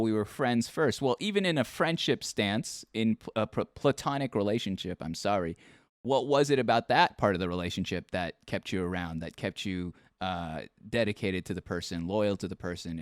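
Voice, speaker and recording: A man hosting a casual interview podcast, asking questions in lively bursts with frequent restarts. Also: fairly low pitch, brisk, no room sound, studio quality. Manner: animated, talks in bursts with restarts and laughs. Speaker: podcast host.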